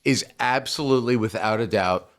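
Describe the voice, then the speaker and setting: A man's voice: mid-range voice, a little fast. Thoughtful man in casual chat. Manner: thoughtful, rambling with restarts. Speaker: podcast co-host.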